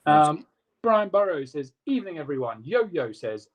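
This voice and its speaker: A man co-hosting a casual live stream, reading out viewer comments in a quick, jokey way. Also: fairly high pitch, sing-song. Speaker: co-host reading live chat.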